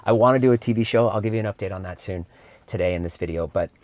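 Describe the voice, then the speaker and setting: A middle-aged man in a relaxed sit-down vlog, chatty and animated as he tells his stories. His voice sits low, and the recording is dry and close with almost no room sound. He bursts into short impressions now and then. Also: racing, no room sound. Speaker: vlogger. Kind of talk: casual sit-down storytelling. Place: indoor room.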